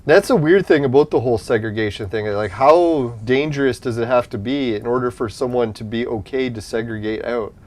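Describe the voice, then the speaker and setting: A man's voice: medium pitch, fairly quick, hardly any pauses, darkish tone. Rambling, foul-mouthed male streamer. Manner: rambling, profane, laughs at his own points; addresses chat viewers directly. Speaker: livestreamer chatting with viewers. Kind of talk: casual livestream chat.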